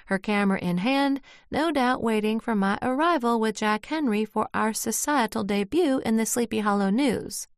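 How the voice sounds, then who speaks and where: Woman, audiobook narrator, first-person storytelling, measured, dry recording. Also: mid-range voice, no echo. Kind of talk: scripted narration.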